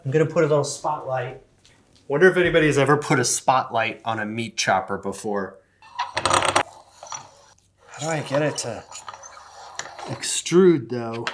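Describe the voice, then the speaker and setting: A man's voice: mid-range voice, lively intonation, normal speed, long pauses, slight background noise. A man hosting a casual explainer video, chatting wryly with amused asides while demonstrating a kitchen gadget. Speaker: video essay host. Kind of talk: casual explainer with cooking demo.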